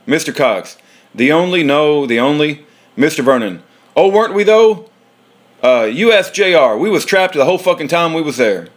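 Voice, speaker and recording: Man, high-pitched, reading a transcript aloud as a heated, profanity-laced rant. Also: lively intonation, normal speed.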